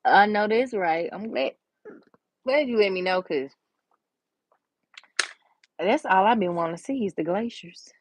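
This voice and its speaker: A woman's voice: mid-range voice, lively intonation, a little slow, long pauses, dry recording. A woman, chatting and storytelling with slang while doing nail art. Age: 30s. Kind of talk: casual chat while doing nails.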